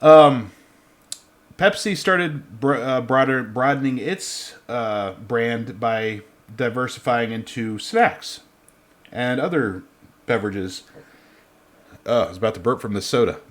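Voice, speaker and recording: A man's voice: mid-range voice, slow. Rambling, laughing podcast co-host man. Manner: rambling, self-correcting, laughs often. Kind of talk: casual podcast chat.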